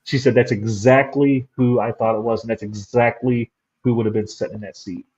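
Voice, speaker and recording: Man, paranormal investigator guest, husky, mellow, rambling storyteller. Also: mid-range voice, fairly even intonation, a little fast, lo-fi sound. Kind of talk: casual interview chat.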